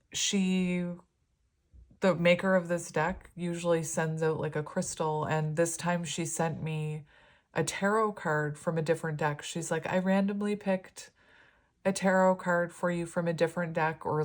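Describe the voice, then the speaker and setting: Woman, slightly low voice, chatty tarot reader, rambling, expressive. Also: unhurried. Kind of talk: casual tarot reading to camera.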